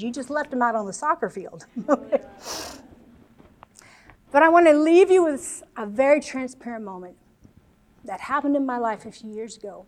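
American lady preaching, kinda high voice, emotional and earnest, chatty with the crowd. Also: lively intonation, normal speed. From United States. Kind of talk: sermon to a live congregation.

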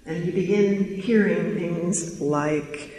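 A man's voice: high voice, slow, darkish tone. A man teaching a live audience in a large room, earnest and questioning, drawing the listeners in, recorded in an echoey hall. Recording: echoey hall, faint noise.

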